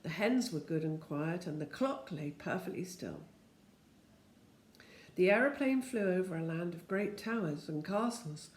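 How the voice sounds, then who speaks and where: A woman's voice: on the low side, lively intonation, unhurried. Older woman, homely storybook reader with chatty asides, echoey room. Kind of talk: reading a children's book aloud.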